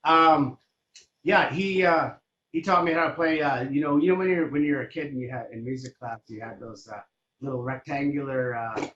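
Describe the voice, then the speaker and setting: A man's voice: medium pitch, moderate pace, fairly bright tone. Man in his fifties, roomy dull line. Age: 50s. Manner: rambling, many fillers. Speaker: interview guest, drummer. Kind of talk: casual storytelling. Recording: roomy, dull sound, faint noise.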